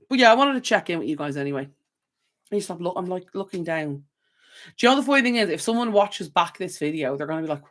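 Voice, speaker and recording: A woman's voice: on the low side, animated, fast. Rambling, chatty Irish woman. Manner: chatty, rambling rants with lots of fillers. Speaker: channel host. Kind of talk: live stream chat with viewers. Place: home desk. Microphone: desk camera mic.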